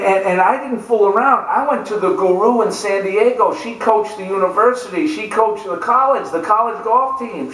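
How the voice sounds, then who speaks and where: A man's voice: high voice, roomy sound, far from the mic, low-quality recording. A man telling a humorous golf story, a storyteller who often repeats "and, and" as he goes. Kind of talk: humorous anecdotal talk.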